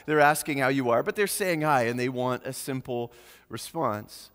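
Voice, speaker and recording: A man preaching a sermon as pastor, earnest, slowing and softening on key phrases. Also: mid-range voice, big-room sound.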